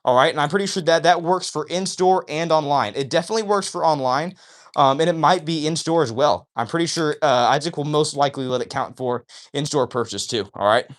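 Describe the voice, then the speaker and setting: His voice is a little high and his pace a little fast as he hosts a casual livestream and flips a balisong. Excitable by nature, he keeps punctuating lines with "all right?".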